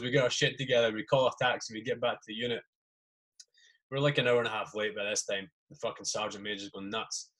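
A man hosts a podcast and tells old army stories in casual talk. He swears freely and acts out the voices of the people in his anecdotes. His voice sits at an average pitch. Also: fairly even intonation, fast, a bit bright. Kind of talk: casual storytelling.

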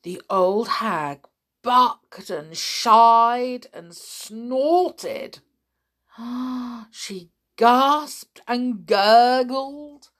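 A woman reading a children's story aloud with expressive, dramatic delivery. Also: fairly high pitch, very slow.

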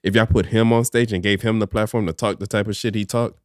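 A man's voice: lowish voice, steady tone, quick pace, a little mellow, dry recording, clean studio sound. A man co-hosting a podcast, talking casually in an opinionated, playful way. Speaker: podcast co-host. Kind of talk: casual chat.

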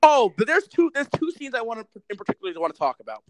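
Animated, profane man recapping a movie. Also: very high voice, racing, noisy background. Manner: animated, profane storytelling with sarcastic asides. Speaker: movie reviewer. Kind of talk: casual podcast chat.

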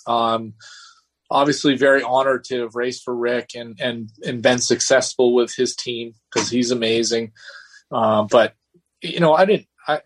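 A man's voice: mid-range voice, fairly even intonation, a little slow. Rambling storytelling racer, man. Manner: rambling, many restarts, acts out quotes. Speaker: race car driver guest. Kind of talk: casual storytelling interview.

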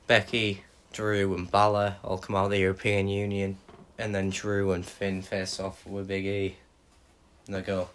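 A man's voice: on the low side, a little slow. Man calling fantasy wrestling. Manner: hums entrance themes, animated play-by-play. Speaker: podcast host. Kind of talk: fantasy booking recap with sung themes.

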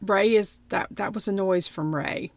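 A woman's voice: mid-range voice, a little slow, no echo. Chatty woman, dry sound. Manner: chatty, laughs and stumbles over words. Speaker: podcast co-host. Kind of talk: casual book-club chat.

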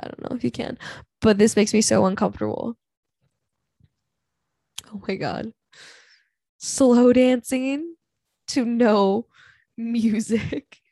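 A young woman in her twenties hosts a candid solo podcast with a noticeably gravelly, fry-heavy voice. She talks bluntly and dramatically, swearing freely and sighing often. The sound is close and dry, with no room echo. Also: a little high, animated, takes it slowly, long pauses, warm tone. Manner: blunt, profane and dramatic, with frequent sighs. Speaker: podcast host.

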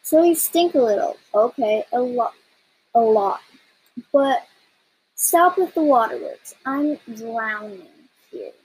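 A woman's voice: fairly high pitch, expressive, slow, a little mellow, a little hiss or hum, rough recording. A woman voicing a bossy, brash little female bird who scolds and wisecracks bluntly in a storybook reading.

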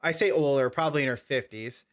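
A young man with a mid-range voice hosts a casual podcast chat, speaking fast as he tells a long, rambling story and frequently corrects himself.

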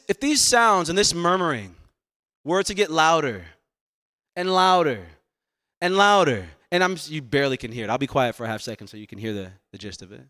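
A man's voice: high-pitched, pushed and bright. A man as pastor delivering a sermon, earnest, repeating words as he presses his points. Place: church sanctuary.

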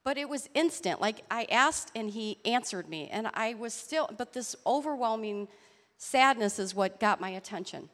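A woman telling a personal faith story in an earnest, halting way. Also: fairly high pitch, expressive, in a large hall. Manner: earnest, halting storytelling with restarts and soft laughs. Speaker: church member sharing a testimony. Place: church hall.

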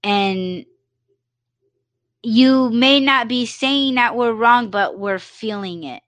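A woman's voice: fairly high pitch, slow, fairly bright tone, no room sound. A woman hosting a live podcast, talking in a loose, rambling way, full of "you know", swearing freely and acting out little quoted exchanges. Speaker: podcast host. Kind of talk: casual livestream monologue.

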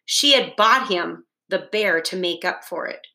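Woman reading a kids' book out loud, really slow, bright clear voice. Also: lowish voice. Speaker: reader. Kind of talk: reading a children's novel aloud.

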